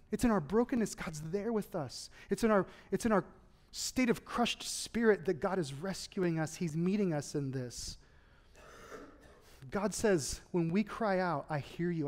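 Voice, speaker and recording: A man preaching a sermon as pastor, earnest and repetitive, often dropping to a hushed, intimate tone. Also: high-pitched. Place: church sanctuary.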